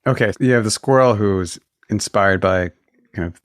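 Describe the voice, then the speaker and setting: A man hosting a podcast interview, asking measured, probing questions. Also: on the low side, dry recording, studio quality. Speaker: podcast host.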